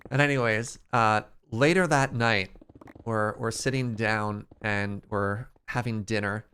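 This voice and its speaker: A man streaming a game, chatting casually and telling stories in an animated way to his chat. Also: on the low side, measured pace, clear, resonant tone. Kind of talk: casual storytelling while playing.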